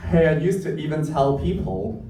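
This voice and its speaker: A man's voice: on the high side, normal speed, noisy background. A man from Hong Kong, Cantonese his first language, with a Hong Kong accent, telling a wry, self-mocking story live on stage. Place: club stage before an audience. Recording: echoey stage sound from a distance.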